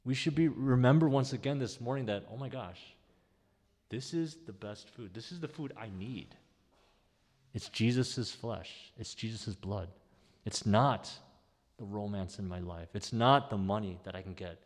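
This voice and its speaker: A man preaching a sermon as pastor, in a conversational, animated way. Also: on the low side, measured pace, in a large hall. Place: church sanctuary.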